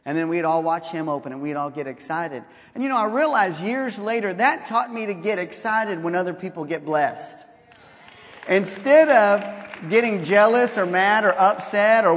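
A man with a high voice tells a story as a sermon, playing out each line of talk and laughing as he goes. His voice carries through a large hall with a long reverb. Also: normal speed. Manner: animated, laughing often, acts out quotes. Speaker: pastor.

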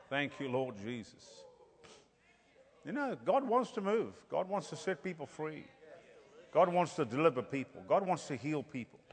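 A man preaching a sermon, telling healing stories and building to loud, fervent exclamations. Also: on the high side, slightly rough, in a large hall. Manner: storytelling, rising to loud exclamations.

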